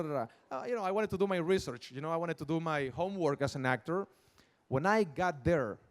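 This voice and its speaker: A middle-aged man with a Mexican Spanish accent tells a personal story from a stage. He speaks earnestly and a little high for a man, and he acts out the other people's lines as he goes. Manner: earnest storytelling, acting out dialogue. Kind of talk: personal testimony speech. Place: large outdoor event stage.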